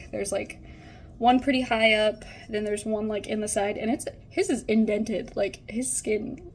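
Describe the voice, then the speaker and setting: A woman's voice: medium pitch, slight background noise, poor audio. A young woman telling a casual, rambling story at home while she gets ready, full of "like" and "um". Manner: chatty, rambling, frequent "like" and "um". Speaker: vlogger.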